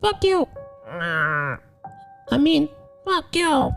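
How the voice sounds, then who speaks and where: A man voicing a hungry, possessed young boy in a high, strained, drawn-out squeal. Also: huge pitch swings, creaky, fairly bright tone, soft background music, full character voice. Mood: cursing.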